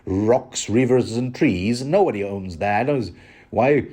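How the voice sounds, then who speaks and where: A book commentator rambles his way through a chapter, cracking jokes as he goes. His mellow, soft-edged voice sits on the low side and moves slowly, and he often trips over words and starts again. The whole thing is chatty, casual commentary.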